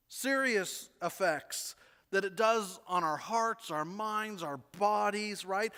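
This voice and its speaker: A man preaching a sermon as pastor, animated, often repeating words and asking the congregation questions. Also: high-pitched, long reverb tail. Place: church sanctuary.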